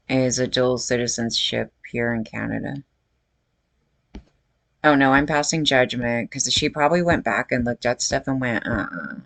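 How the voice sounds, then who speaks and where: A gravelly, fry-heavy woman in her forties talks straight to her viewers in a loose, unscripted rant. Her tone is blunt and indignant, with casual swearing, and the sound is close and dry with almost no room around it. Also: very deep voice, dry recording. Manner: blunt, outraged, swears freely. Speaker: true-crime commentary vlogger. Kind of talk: casual reaction commentary.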